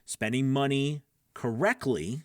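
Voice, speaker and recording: Male host of a casual live class, chatty and rambling, mid-pitched, recorded dry and close. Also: slow pace, no echo. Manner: rambling and conversational, many fillers and restarts; laughs often, answers viewers by name. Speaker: voice-over coach hosting a live class. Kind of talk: casual live-stream teaching, reading chat questions.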